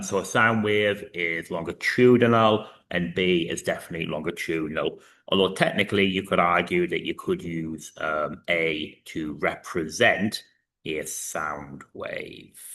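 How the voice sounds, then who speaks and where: A man in his thirties with a very low voice talks through a recorded physics lesson. His tone is bright and forceful, and he explains each step with frequent fillers. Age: 30s. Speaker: physics teacher.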